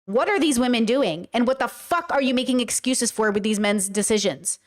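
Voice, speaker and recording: Woman, reaction host, heated rant, swearing, fairly high voice. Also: brisk. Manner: heated, profane, ranting. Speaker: commentary host. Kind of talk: reacting to a video clip, talking to chat.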